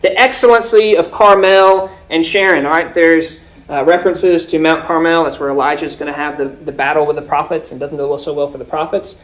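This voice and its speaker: A man preaching a sermon, explaining scripture with swells and sudden drops in loudness. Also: a little high, level tone, brisk. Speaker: pastor.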